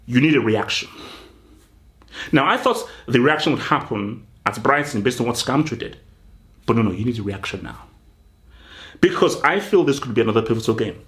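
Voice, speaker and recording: Animated man ranting a mock team talk. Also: mid-range voice. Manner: mock team talk, addressing players directly, swinging loud and slow. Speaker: football channel host. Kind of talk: comedic football pep-talk rant.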